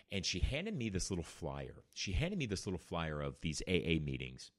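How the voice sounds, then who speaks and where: A man's voice: low voice, huge pitch swings, moderate pace, hardly any pauses, dry recording, studio quality. A man hosting a podcast, candidly telling his own recovery story with blunt, profane language. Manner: candid, blunt, swears freely. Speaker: podcast host.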